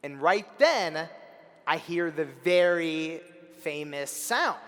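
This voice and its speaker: A young man in his twenties tells a story from a big stage in a fairly high voice, lively and full of acted-out moments. Now and then he breaks into a shout. His voice rings with the long reverb of a large hall. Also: slow pace. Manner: animated, acts out the people in his story, bursts of shouting. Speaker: keynote speaker. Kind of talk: storytelling keynote speech. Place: large convention center hall.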